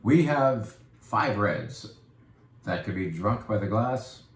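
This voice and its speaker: Fairly low in pitch, a man speaks slowly but with lively intonation, hosting an informal wine presentation at his shop. He's playful and chatty, poking fun at himself, and the room sounds echoey with faint ambience.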